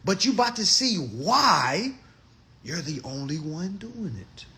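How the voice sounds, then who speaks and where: A man's voice: sits high, very animated, takes it slowly, sharp tone. A man talking straight to livestream viewers, profane and emphatic, now and then acting out other people's voices. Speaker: livestream speaker. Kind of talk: animated monologue to viewers.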